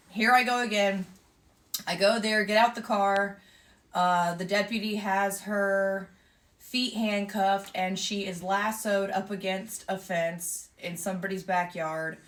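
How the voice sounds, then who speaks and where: A woman tells a story in a casual, chatty way. Her voice is bright and forward, her pitch sits in the middle, and she acts out each exchange in a lively way. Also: measured pace. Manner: lively, vivid retelling with quoted exchanges. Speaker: emu owner telling a story.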